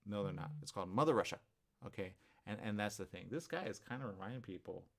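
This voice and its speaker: Guy hosting a talk show, just rambling at the camera, keeps going "okay?", kinda low and gravelly. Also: expressive, fast talker. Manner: rambling, repeats himself, keeps checking in with "okay?". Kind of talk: casual monologue to viewers.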